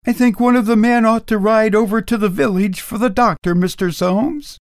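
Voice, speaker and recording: A man reading aloud, voicing an elderly female housekeeper in a high, wailing voice. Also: normal speed, dry recording, studio quality. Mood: anxious.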